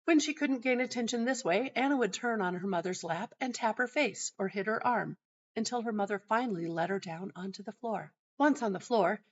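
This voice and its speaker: Calm woman telling a story, lo-fi. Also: medium pitch. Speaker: host and teacher. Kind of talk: narrating a personal teaching anecdote. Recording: dull lo-fi sound.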